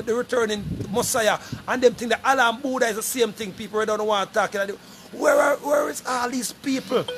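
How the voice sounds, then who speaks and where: Speaking casually to the camera in an extremely high-pitched voice, a middle-aged Jamaican vlogger appeals for donations. His plea is emphatic and repetitive, and he calls out to people over and over.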